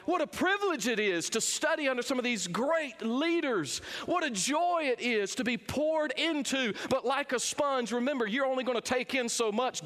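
High-voiced preacher in a reverberant hall. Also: male voice. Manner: dynamic preaching, swinging from low quiet lines to raised emphatic ones. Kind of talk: sermon. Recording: long reverb of a big hall.

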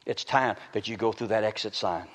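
A man preaching a sermon to a congregation, swinging between loud calls and hushed pleading. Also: on the low side, a little fast. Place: large hall with an audience. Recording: reverberant hall.

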